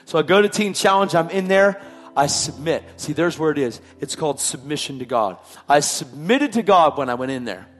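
A man with a slightly high voice shares his emotional personal testimony. He tells it like a dramatic storyteller, sinking to hushed tones before climbing to full shouts. Faint instrumental music plays behind him. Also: animated, moderate pace. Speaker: testimony speaker.

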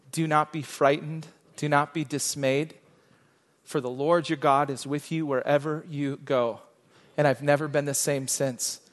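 A middle-aged man pastor preaching a sermon, telling a quiet personal story that builds into loud, fervent exhortation. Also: on the high side. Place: church sanctuary. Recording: long hall reverb.

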